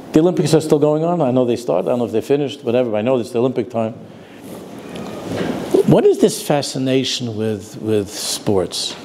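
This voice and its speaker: A man's voice: mid-range voice, dark tone, slight background noise. An older man, a rabbi giving a sermon, telling stories and dropping Yiddish and Hebrew words into his talk.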